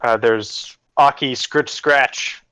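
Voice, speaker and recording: A man's voice: medium pitch, slow, pushed and bright, clear, resonant tone, dry recording, poor audio. A man running a tabletop game as game master, talking casually with lots of fillers and hesitations.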